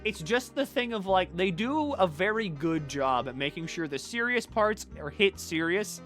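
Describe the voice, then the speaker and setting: A young man streaming a game, chatting casually in a rambling, excitable way, swearing often and acting out silly character voices. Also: high-pitched, moderate pace, faint music behind. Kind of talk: casual chat while gaming.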